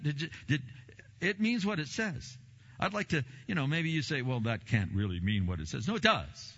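A middle-aged male pastor preaching a sermon in an emphatic, repetitive style, with sudden loud bursts. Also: high voice, husky. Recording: muffled sound with long hall reverb.

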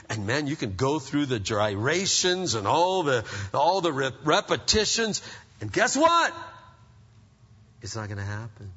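A middle-aged male pastor preaching a sermon in an animated, conversational way, full of rhetorical questions. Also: mid-range voice, normal speed, breathy edge. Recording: dull sound with long reverb, as in a church hall.

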